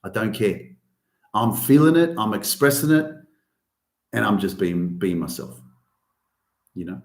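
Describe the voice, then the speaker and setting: A man's voice: fairly low pitch, animated, measured pace. A man hosting a casual motivational podcast, talking emphatically, swearing often and pushing his voice up on key points. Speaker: podcast host. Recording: roomy echo.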